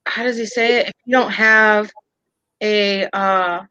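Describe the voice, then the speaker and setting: A woman co-hosting a casual chat podcast, telling animated stories, swearing freely and acting out the people she quotes. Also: medium pitch, a little slow, clear, resonant tone, no room sound, dull audio. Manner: animated storyteller, swears, acts out quotes loudly. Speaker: podcast co-host.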